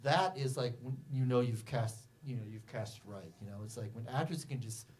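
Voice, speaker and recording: A man, the film's director, answering audience questions at a festival screening in a theater, rambling and animated with many fillers. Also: medium pitch, moderate pace. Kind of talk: festival Q&A talk. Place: movie theater.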